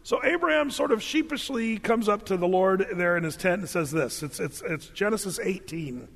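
A man preaching a sermon and reading scripture aloud, animated and humorous, briefly acting out the biblical figures in his own voice. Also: high voice, normal speed, vocal fry, long reverb tail. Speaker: pastor.

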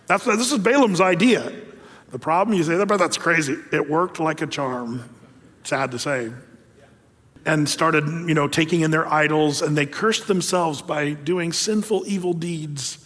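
Man, pastor, sermon, high voice, casual storytelling, long hall reverb. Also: unhurried. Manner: conversational, animated storytelling. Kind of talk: sermon with scripture reading.

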